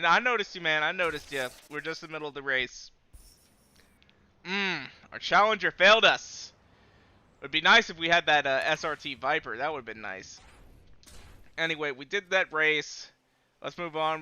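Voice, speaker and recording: A man's voice: fairly high pitch, smooth. A man giving live, profane commentary on his racing gameplay, trash-talking rivals as he drives. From United States. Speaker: streamer. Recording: loud game engine noise underneath. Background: racing game car engines.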